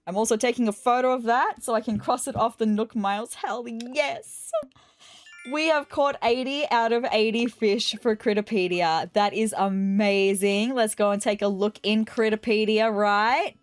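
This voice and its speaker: A woman giving casual let's-play commentary, excitable and gushing, with apologetic asides. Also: a little high, no room sound. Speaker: gaming video host.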